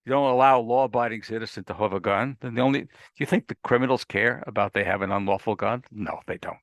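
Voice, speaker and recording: A man's voice: lowish voice, fast, fairly bright tone, no room sound. A male lawyer explaining a new law in a conversational, emphatic way, with repetitions and folksy asides. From United States. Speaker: lawyer hosting a legal briefing.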